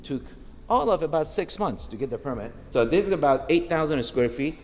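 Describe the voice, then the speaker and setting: A man giving an upbeat vlog tour of his remodel, showing things off and pausing on fillers. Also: on the high side, lively intonation, a little mellow, soft background music. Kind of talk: vlog walkthrough.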